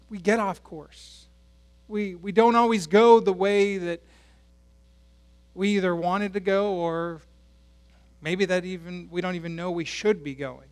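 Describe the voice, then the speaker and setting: A man's voice: high voice, fairly bright tone. A male pastor preaching a sermon at a church service in a conversational way, asking the congregation questions.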